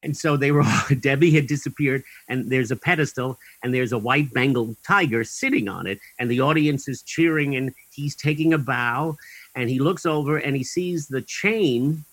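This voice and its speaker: Recorded roughly and dry, a man interviewed as an actor guest talks at a moderate pace in a slightly bright, mid-range voice. His long anecdotes come out wry and chatty, riddled with fillers and restarts, delivered with dry comic timing as he chuckles at his own punchlines.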